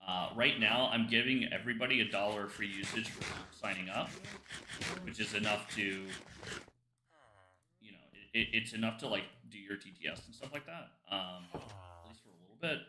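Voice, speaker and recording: A man streaming casually while he tests his own app, halting and distracted, full of fillers as he talks to himself. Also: lowish voice, reverberant, background noise. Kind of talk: casual live-stream chat while working.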